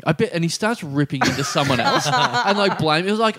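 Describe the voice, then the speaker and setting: A man's voice: a little high, quick pace, hardly any pauses. A man telling a story in casual podcast chat, swearing freely and acting out the other people in it. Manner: animated, acts out quoted voices, swears freely.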